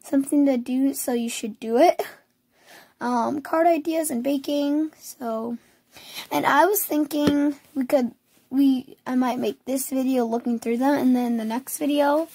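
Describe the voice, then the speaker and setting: Hoarse high-voiced young girl, slow and creaky. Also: steady tone, warm tone. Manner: chatty, cooing over cute pictures. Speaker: vlogger. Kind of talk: casual screen tour.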